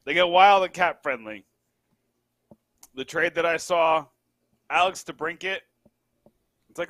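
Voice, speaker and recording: A man's voice: fairly high pitch, unhurried, pauses often, no room sound. A man who edits a sports site, chatting casually as a guest on a podcast, joking and drifting into asides. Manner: animated, jokey, trails off into asides.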